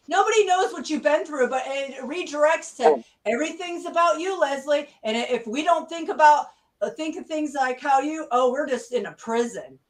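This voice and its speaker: A woman's voice: sits high, normal speed, few pauses, far from the mic, slight background noise, rough recording. A woman hosting a livestream discussion who talks in a heated, profane, confrontational way. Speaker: channel host.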